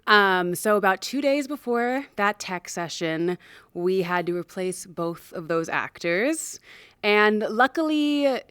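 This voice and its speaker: A young actress and producer tells a chatty story about mishaps during a show's production. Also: female voice, mid-range voice, expressive, takes it slowly, fairly bright tone, smooth, no room sound, clean studio sound. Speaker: actor and producer. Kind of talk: casual anecdote to camera.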